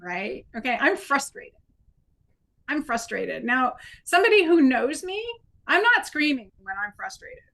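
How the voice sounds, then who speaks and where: High voiced woman teaching a workshop on a video call, chatty and encouraging. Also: big pitch swings, measured pace, vocal fry, a bit bright. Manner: encouraging, conversational, with playful demonstrations. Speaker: workshop instructor. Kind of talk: leading an improv exercise in a training workshop.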